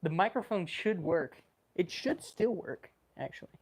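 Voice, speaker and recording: A man livestreaming casually from his backyard with a small clip-on microphone, excitable and joking with his viewers. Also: high voice, measured pace, slightly rough, no room sound. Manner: excitable, laughing, swearing, chatting with viewers. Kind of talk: casual live stream chat. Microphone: small clip-on microphone with a phone.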